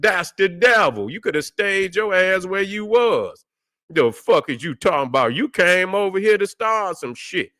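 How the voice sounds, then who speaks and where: A man rants at his chat on a livestream, swearing freely and stumbling through restarts. His voice sits a little high for a man. The sound is dry and close, with no room around it. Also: a bit bright, dry recording. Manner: angry, profane, halting with many restarts and "you see". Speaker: livestream host answering chat. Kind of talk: profane livestream rant.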